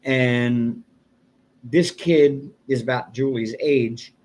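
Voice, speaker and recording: A man's voice: mid-range voice, fairly even intonation, drawn-out words, darkish tone. An older man hosting a casual live stream, telling a long rambling story and chuckling often. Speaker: livestream host.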